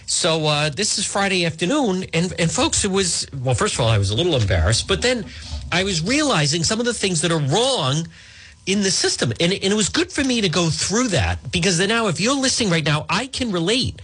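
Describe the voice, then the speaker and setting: A man hosting a talk radio show, delivering a combative, animated monologue full of asides and restarts, with a husky voice. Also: on the high side, normal speed.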